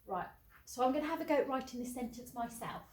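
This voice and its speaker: A woman's voice: sits high, lively intonation, fast talker, a little mellow. Encouraging woman teaching phonics. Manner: encouraging, clearly sounding out letters. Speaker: primary school teacher. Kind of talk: phonics lesson to camera. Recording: echoey room, faint background noise.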